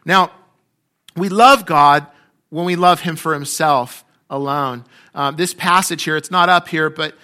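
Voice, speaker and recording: Bright-voiced man preaching conversationally. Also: on the high side, unhurried. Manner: conversational, restarts often, acts out quotes. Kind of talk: sermon.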